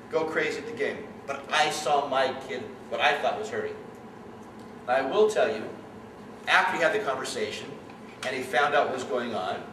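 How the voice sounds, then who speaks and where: A middle-aged man coaching, giving an animated story-driven talk to parents and questioning his audience. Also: medium pitch. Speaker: youth sports coach. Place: room with an audience. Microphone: distant room mic. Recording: echoey room, distant mic, background noise.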